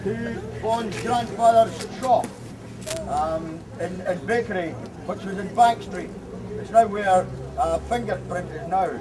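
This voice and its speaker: A man with a Scottish Angus accent, a community councillor giving a halting outdoor speech with fillers and restarts, then reading a letter aloud. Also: high-pitched. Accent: Scottish, Angus (Kirriemuir). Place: outdoors in a town street. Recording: distant outdoor recording with traffic noise.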